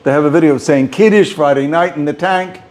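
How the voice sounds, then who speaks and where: A man's voice: a little high, fast talker, darkish tone. A man, a rabbi, giving an informal talk to a small group, often repeating and restarting words.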